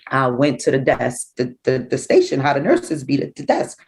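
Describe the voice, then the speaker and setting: A middle-aged woman, a grieving mother recounting events in an interview, animated and acting out what people said. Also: rumbling low, normal speed, poor audio. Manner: animated, acts out quoted dialogue. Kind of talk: emotional personal storytelling.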